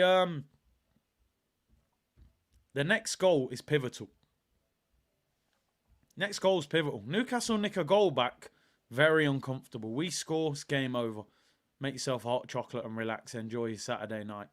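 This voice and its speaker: A man's voice: medium pitch, moderate pace, pauses often, a bit bright. A man hosting a live football watch-along stream, talking emphatically in casual chat, repeating lines for effect and answering viewers' comments.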